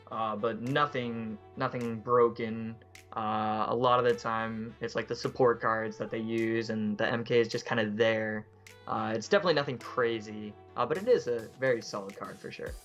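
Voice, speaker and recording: A man's voice: medium pitch, steady tone, moderate pace, a bit bright, faint music behind. A man co-casting a live esports match, analysing plays loosely with many fillers and restarts. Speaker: esports co-caster.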